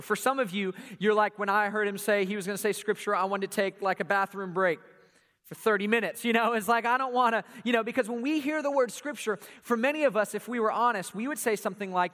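A man's voice: high voice, fast, a bit bright. A young adult man giving a casual, playful youth sermon as a pastor, acting out what his listeners think. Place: church hall. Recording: reverberant hall.

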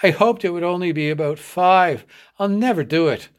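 A man's voice: high-pitched, normal speed, voice pushed up, lightly acted. A man reading the part of a young boy, out of breath and trying to sound brave. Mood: winded. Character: tired young boy on snowshoes, gallant.

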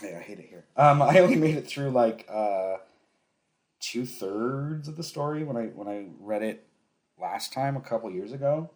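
A male podcast co-host with a lively, swinging voice, telling a story in loose casual chat. He rambles, laughs often and restarts his sentences as he goes. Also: medium pitch, normal speed.

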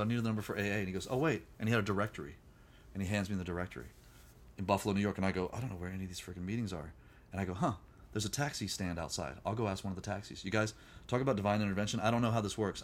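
A middle-aged man, a musician guest on a podcast, telling his recovery story candidly and acting out the voices of people he met. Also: on the low side. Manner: rapid, animated, acts out quoted voices.

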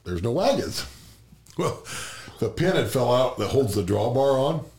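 A man's voice: mid-range voice, sing-song, a little slow, gravelly, darkish tone. A man who farms, telling easygoing stories in casual chat, laughing as he goes. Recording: roomy echo.

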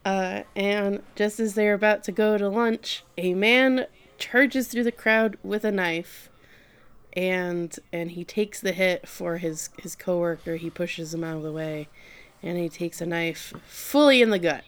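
A woman's voice: on the low side, unhurried, clear, resonant tone. A woman co-hosting a casual podcast chat, animatedly retelling an anime's plot and swearing freely. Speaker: podcast co-host.

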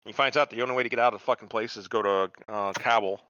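A man's voice: lowish voice, steady tone, fast, sharp tone, no room sound, muffled recording. A man co-hosting a podcast, casually retelling a TV show with heavy swearing and quoted voices. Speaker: podcast co-host. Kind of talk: casual chat recapping a TV show.

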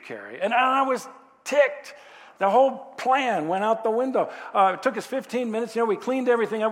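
A man's voice: sits high, long reverb tail. A man preaching a sermon, telling a folksy, self-deprecating story from his own life. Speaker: pastor.

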